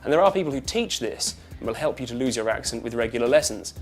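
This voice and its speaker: Voice coach with faint music. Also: male voice, mid-range voice, animated, fast talker. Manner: clear, demonstrative, models sounds aloud. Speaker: actor and voice coach. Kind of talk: accent coaching tips to camera.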